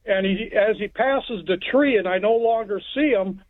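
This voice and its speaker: A man's voice: high-pitched, moderate pace, dry recording. Texas guy calling in, rambles his story, dry tinny phone sound. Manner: plainspoken, rambling narration with restarts. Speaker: caller.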